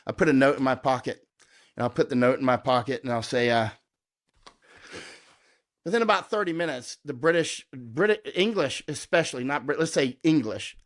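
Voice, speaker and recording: A man's voice: medium pitch, lively intonation, moderate pace. A middle-aged American man, a war correspondent, talking combatively and emphatically in an interview and often tagging his points with "right?". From United States. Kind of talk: conversational interview.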